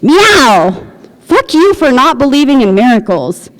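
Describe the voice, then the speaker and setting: A woman reading aloud as a frustrated, sharp-tongued wife in couples therapy. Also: sits high, very animated, unhurried, pitched above the performer's own voice. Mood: exasperated. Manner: sharp, exasperated.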